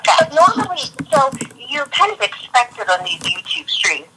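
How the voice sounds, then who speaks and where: A woman's voice: sits high, big pitch swings, moderate pace, background noise. A woman guest chatting on a live stream, wry and sarcastic as she mimics people. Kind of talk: casual chat.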